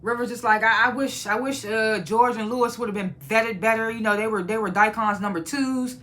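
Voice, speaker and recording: This woman's voice sits on the high side, brisk and fairly bright, with fairly even intonation. Hosting her own review channel, she swears casually while recapping a TV episode and voices the characters' lines as she goes.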